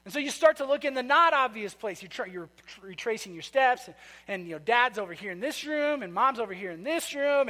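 A man's voice: extremely high pitch, bright, forceful tone. A man preaching a sermon to a congregation, telling a story in a chatty way and asking the people questions. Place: church sanctuary. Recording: long reverb of a large hall.

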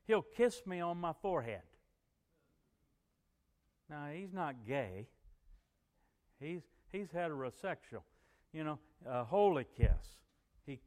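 Middle-aged male pastor, slightly higher voice, folksy storyteller who builds into emphatic preaching. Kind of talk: sermon.

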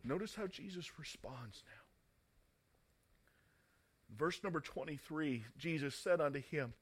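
A man's voice: on the high side, expressive, unhurried, fairly bright tone. A man preaching a sermon in a dramatic manner, reading scripture and rising to fervent emphasis.

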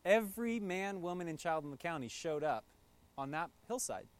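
A man preaching a conversational sermon as pastor, telling the story in a relaxed way with playful asides. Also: fairly high pitch, moderate pace, dry recording.

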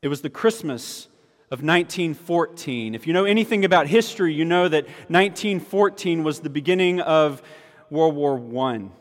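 A man's voice: a little high, animated, normal speed. A male pastor giving a sermon, emphatic and repeating key phrases for weight. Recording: long hall reverb.

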